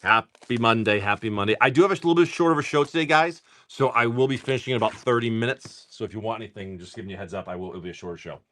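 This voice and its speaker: A man's voice: lowish voice, rapid-fire, hardly any pauses, fairly bright tone. A tired middle-aged man hosting a live card-opening stream, casually chatting, teasing viewers and swearing freely. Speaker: card-breaking stream host.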